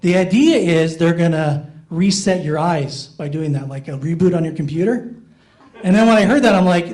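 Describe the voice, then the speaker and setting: A man's voice: fairly high pitch, normal speed, darkish tone. A middle-aged man doing stand-up comedy on a playhouse stage, with a voice he calls not very masculine, self-mocking and talking back and forth with the audience.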